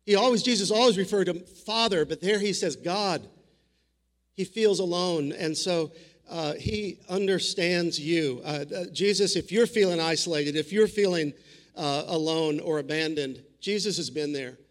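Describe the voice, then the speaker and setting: A man's voice: high voice, normal speed. A man preaching a sermon in an earnest, conversational way, often restarting his sentences. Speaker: pastor.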